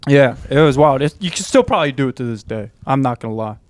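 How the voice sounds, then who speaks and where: A man's voice: mid-range voice, very animated, a little fast, no echo. A young man telling loose, rambling stories on a podcast, full of fillers and swearing. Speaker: podcast host. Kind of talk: casual storytelling chat.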